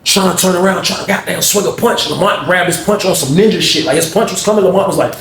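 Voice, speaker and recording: A man's voice: high-pitched, fast, a bit bright, reverberant, slight background noise. A man telling a casual storytime, slangy and talking to viewers while acting out the scenes.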